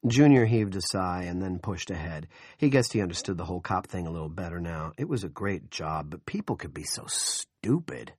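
Low-voiced man narrating an audiobook. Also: lively intonation, moderate pace, few pauses, darkish tone, slightly rough, no room sound, clean studio sound. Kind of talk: scripted narration.

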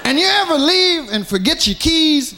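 Animated profane man doing stand-up. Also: extremely high pitch, normal speed, a little hiss or hum. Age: adult, married. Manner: profane, animated, acts out voices of men in bars. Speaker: stand-up comedian. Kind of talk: stand-up comedy routine.

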